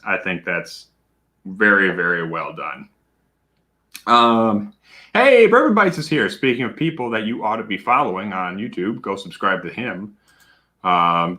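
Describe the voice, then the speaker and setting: A man hosting a casual livestream, chatty and animated, with plenty of fillers and shout-outs to viewers. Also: low-pitched. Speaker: livestream host.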